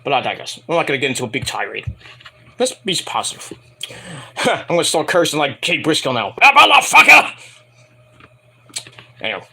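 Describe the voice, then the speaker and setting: Bright, animated man ranting profanely. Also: medium pitch, a little fast, gravelly, breathy edge. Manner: profane, rambling, mocking voices in quotes. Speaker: wrestling show reviewer. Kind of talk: casual ranting review.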